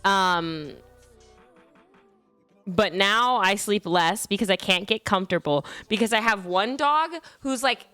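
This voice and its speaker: A woman's voice: medium pitch, measured pace, bright, forceful tone, clear, resonant tone, no room sound, soft background music. A young woman streamer casually telling a rambling, self-deprecating story about her dogs, with frequent fillers and casual swearing.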